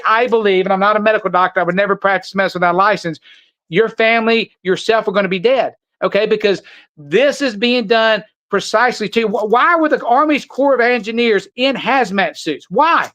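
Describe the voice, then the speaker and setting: An older man speaks as a podcast guest, his voice sitting high for a man. He talks with urgent intensity, restarting sentences and repeating words as he pushes on. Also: a bit bright. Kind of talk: podcast conversation.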